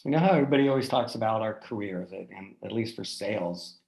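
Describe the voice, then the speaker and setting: A man talking casually as a guest, telling personal stories in an animated way and often checking in with "right?". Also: on the low side, quick pace, vocal fry, low-quality recording. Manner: animated, lots of restarts and "right?" tags. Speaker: guest speaker. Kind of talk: casual conversational storytelling.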